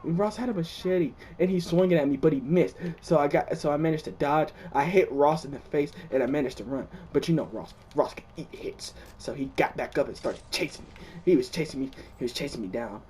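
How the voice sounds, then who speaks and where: A young man casually telling the story of a dream, excitable, swearing often and restarting his sentences. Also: on the high side, brisk, slight background noise. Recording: distant mic.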